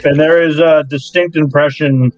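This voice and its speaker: A man's voice: on the high side, fairly even intonation, moderate pace. A man running a tabletop game as game master, wry and exasperated. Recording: dull lo-fi recording with faint music.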